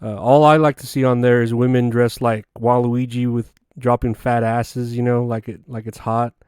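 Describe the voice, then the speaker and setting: A man's voice: mid-range voice, level tone, moderate pace, darkish tone, clean tone, no room sound, clean studio sound. A man hosting a solo comedy podcast, rambling through crude, offhand jokes. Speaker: podcast host.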